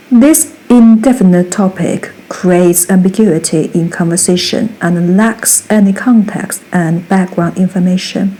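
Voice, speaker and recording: A woman giving a scripted grammar lesson, reading each example sentence twice, slowly and precisely. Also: lowish voice, warm tone, low-quality recording. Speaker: Mandarin teacher.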